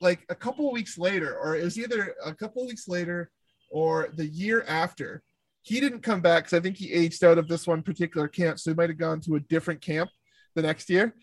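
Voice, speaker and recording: High-voiced, rambling male storyteller. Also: a little fast, no room sound. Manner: rambling storyteller, heavy on "like" and swearing. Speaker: former camp counselor telling stories. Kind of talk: casual chat.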